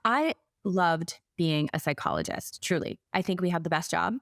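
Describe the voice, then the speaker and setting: A woman in her forties speaks as a guest in a podcast conversation, telling her story with lively energy. She often acts out what she said and thought back then. The sound is dry and close. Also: fairly low pitch, normal speed, creaky, no echo. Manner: animated storyteller who acts out her own past words. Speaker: guest, business coach for therapists. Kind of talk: casual podcast interview.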